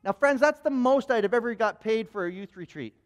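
A high-pitched man delivers a sermon as a running personal story. He talks animatedly and often stumbles, repeating words and restarting sentences. His voice rings with a long reverb from a church hall. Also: lively intonation, fairly quick. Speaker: pastor.

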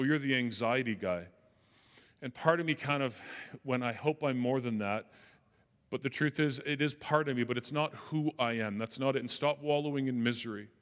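A man gives a conversational church talk in a mid-pitched voice. He acts out quotes with lively shifts, and his voice rings with the long reverb of a large hall. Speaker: speaker at a church. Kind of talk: talk on mental health and faith.

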